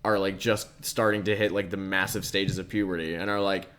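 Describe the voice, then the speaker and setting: A young man with a low voice tells a story in loose podcast chat. He rambles, fills nearly every phrase with "like" and swears casually. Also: flat delivery, fairly quick, a bit bright. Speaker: podcast co-host.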